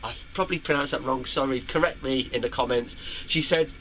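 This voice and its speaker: A man's voice: a little fast, fairly bright tone, slight background noise, low-quality recording. A middle-aged man hosting a homemade show from his shed, reading out viewer comments in a playful, theatrical way. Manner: playful, theatrical, jumps to high pitch when quoting. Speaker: host of a homemade web show. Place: garden shed.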